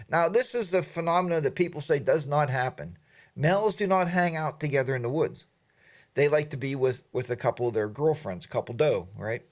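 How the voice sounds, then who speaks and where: On his livestream, a middle-aged host in a mid-range voice reads out viewers' chat comments and drifts through a rambling story, packed with fillers and tangents.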